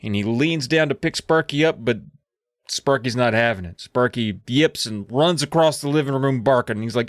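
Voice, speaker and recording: A podcast co-host casually recapping a spooky book, telling it with lively, swearing storytelling. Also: medium pitch, moderate pace, dry recording, studio quality.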